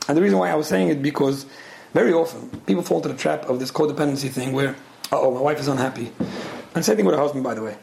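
A man's voice: a little high, racing, vocal fry, darkish tone, a little hiss or hum. A man giving relationship advice and answering listener letters in an earnest, direct way, often repeating phrases for emphasis. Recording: roomy echo with faint ambience.

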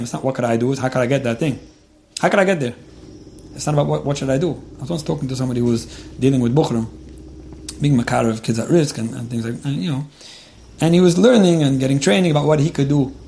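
A man talks quickly and earnestly, handing out relationship advice in a loose, conversational way. His voice is dark and mellow with plenty of gravelly fry, and he often circles back to restart a phrase. Religious Jewish terms slip into his talk. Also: medium pitch, a little hiss or hum.

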